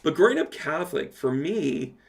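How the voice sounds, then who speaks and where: Chatty gravelly man on a live Q&A. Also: fairly high pitch, very animated, moderate pace. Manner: chatty, reads out viewer comments, playful asides. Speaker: medium answering live chat questions. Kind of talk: casual livestream Q&A.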